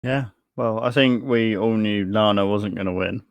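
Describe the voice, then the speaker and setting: A man's voice: fairly low pitch, moderate pace, clear, resonant tone, dry recording. A man co-hosting a casual wrestling podcast from the UK, dropping wry short quips and laughing often. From United Kingdom. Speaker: podcast co-host.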